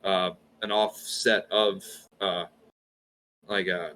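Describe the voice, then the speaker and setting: A man's voice: low-pitched, level tone, takes it slowly, pushed and bright, a little hiss or hum. A man from Georgia with a light Southern accent, chatting as a guest and enunciating his words carefully. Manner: storytelling, precise enunciation. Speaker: podcast guest. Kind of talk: casual chat.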